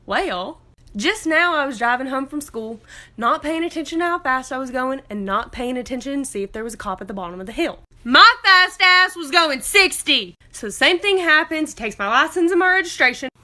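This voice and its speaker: A woman's voice: sits high, expressive, brisk, pushed and bright. A woman student telling a casual storytime, blunt and self-mocking.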